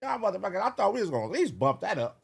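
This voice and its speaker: Loud animated man streamer. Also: high-pitched, racing, vocal fry, husky. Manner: loud, excitable, profane, animated. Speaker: streamer reacting to videos. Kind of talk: casual livestream chat.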